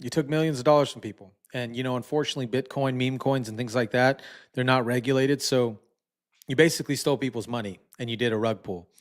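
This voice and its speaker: A fast-talking man with a medium-pitched voice hosts a commentary channel, speaking bluntly and indignantly and often repeating himself in casual online commentary.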